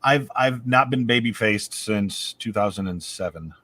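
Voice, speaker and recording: A married man co-hosting a casual chat, telling stories with animated, opinionated swings and some swearing. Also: lowish voice, a little slow, no echo. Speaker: podcast co-host.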